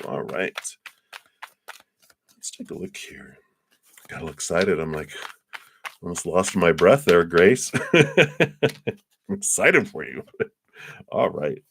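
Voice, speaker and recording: Low-voiced excitable male tarot reader. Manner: excitable and chatty, many fillers. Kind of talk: live-stream tarot reading.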